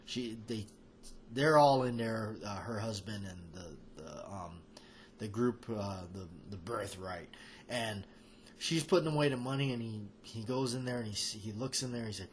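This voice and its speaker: A man's voice: fairly low pitch, lively intonation, normal speed. A man hosting a casual film chat, talking in a rambling, hesitant way full of fillers and restarts. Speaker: movie chat host.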